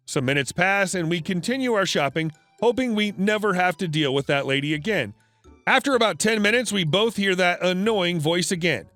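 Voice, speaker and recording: High, lively male story narrator. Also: no echo. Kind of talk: scripted narration of an online story.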